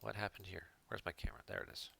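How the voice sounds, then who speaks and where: Low, bright-voiced man chatting casually. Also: flat delivery, fast talker, vocal fry, slightly rough. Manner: chatty, talks to viewers in chat. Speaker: card game streamer. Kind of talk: casual gameplay commentary.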